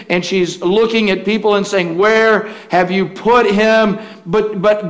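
A man preaching a sermon as a pastor, telling stories in a folksy way and often restarting his sentences. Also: sits high. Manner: folksy, storytelling, with frequent restarts.

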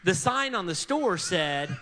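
An animated male preacher tells a long story from the pulpit, voicing each person he meets. His voice sits high and rings bright and clear. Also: unhurried. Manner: animated, acts out quoted people in varied voices. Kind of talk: sermon storytelling.

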